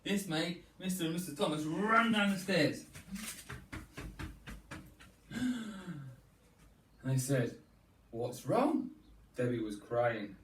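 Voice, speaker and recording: A man leading a children's storytelling yoga class, playful and animated, coaxing the children through each pose. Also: fairly high pitch, takes it slowly, pauses often, slight background noise. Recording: echoey room, distant mic, faint ambience.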